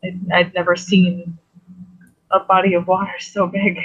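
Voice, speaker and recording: A man with a high voice plays a bashful young woman who stumbles over her words, full of fillers and restarts. Her voice sits high. The recording is muffled and lo-fi. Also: completely flat delivery, fairly bright tone, husky, heavily acted. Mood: sheepish. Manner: hesitant, halting with fillers and laughs. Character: shy young woman, awkward, new to the place. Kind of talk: tabletop role-play in character.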